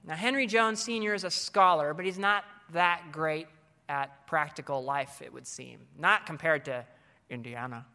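Bright-voiced male teacher in a reverberant hall. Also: a little high, moderate pace. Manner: earnest, coaching, with filler ums and restarts. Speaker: teacher speaking to fellow educators. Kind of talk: conference talk.

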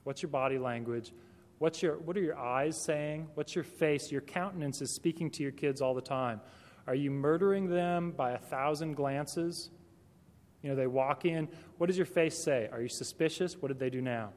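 A man's voice: a little high, normal speed, a little mellow. A man speaking directly to teachers in a conversational talk, full of rhetorical questions. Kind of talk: talk to Christian educators. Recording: long hall reverb.

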